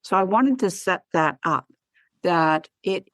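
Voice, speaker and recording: A woman, a guest wellness practitioner on a podcast interview, who tells animated stories and acts out the dialogue. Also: on the low side, slow pace, no echo. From Canada.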